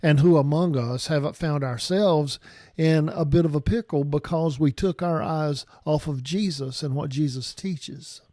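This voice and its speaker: A man's voice: on the high side, unhurried, mellow, no echo, studio quality. A man preaching a reflective sermon, thinking aloud with frequent restarts. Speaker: pastor.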